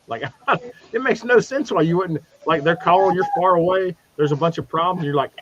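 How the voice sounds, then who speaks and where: Profane, animated man recapping a comic. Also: fairly high pitch, brisk. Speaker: comic book panelist. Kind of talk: casual livestream chat. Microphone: video call. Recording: dull lo-fi stream audio with noise.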